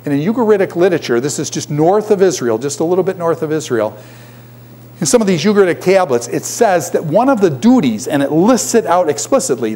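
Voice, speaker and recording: A middle-aged man lectures to a classroom, his voice sitting a touch high for a man. He keeps throwing questions out to the students as he goes, then answers them himself. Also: mellow, slight background noise. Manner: poses frequent questions to the class. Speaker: teacher.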